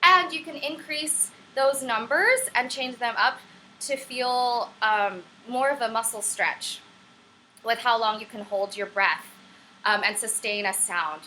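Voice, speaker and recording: Bright-voiced, chatty young woman teaching singing. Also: on the high side, unhurried, a little hiss or hum, rough recording. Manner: chatty, wanders into tangents; upbeat and encouraging. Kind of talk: casual online voice lesson. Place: at home on camera.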